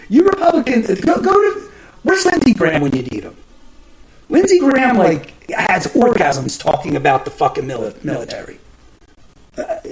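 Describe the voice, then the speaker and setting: A man's voice: high-pitched, background noise. A man hosting his own show, ranting about the news in a profane, exasperated way, with frequent stumbles and restarts. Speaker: podcast host. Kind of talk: casual ranting commentary.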